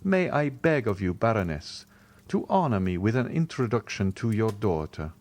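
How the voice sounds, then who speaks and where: Courtly mysterious count read by a guy, lively ups and downs, storybook. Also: fairly low pitch, moderate pace. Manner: formal, courtly phrasing. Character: suave, mysterious wealthy Count, courtly and composed.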